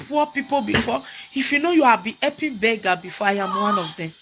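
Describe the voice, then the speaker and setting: A woman's voice: a little high, lively intonation, fairly quick, fairly bright tone, slight background noise. A young Nigerian woman with a Nigerian accent, crying as she makes a repetitive, pleading appeal for help. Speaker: vlogger. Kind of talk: emotional plea to camera. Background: music.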